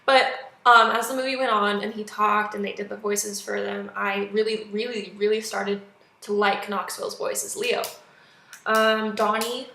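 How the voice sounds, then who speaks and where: A young woman giving a chatty, animated movie review in a casual vlog, acting out quotes now and then. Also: mid-range voice, normal speed, creaky, a little hiss or hum. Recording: echoey room.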